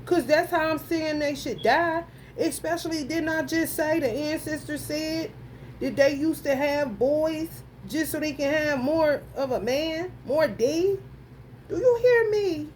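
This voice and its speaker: A tarot reader with a high, darkish voice talks slowly and deliberately through a casual astrology reading, with slight background noise. She's blunt, profane, and emphatic, addressing viewers directly and often breaking into laughter and exclamations.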